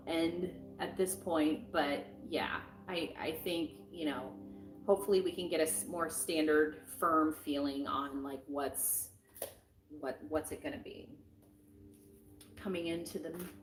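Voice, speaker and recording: A middle-aged woman giving a casual weekly tarot reading in a frank, encouraging and rambling way, with plenty of fillers. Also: deep voice. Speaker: tarot reader. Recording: roomy with faint music behind.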